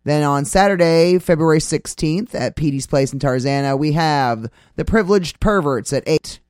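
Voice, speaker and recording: A man's voice: a little high, moderate pace, smooth, no echo, studio quality. A man hosting a casual talk radio show, rambling with many fillers as he reads out upcoming gig listings.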